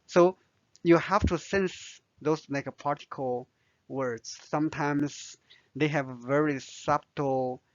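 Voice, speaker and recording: Slow, patient Chinese-native male teacher. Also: on the high side, fairly even intonation, no echo, lo-fi sound. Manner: slow, careful explanations with many fillers. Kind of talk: language lesson.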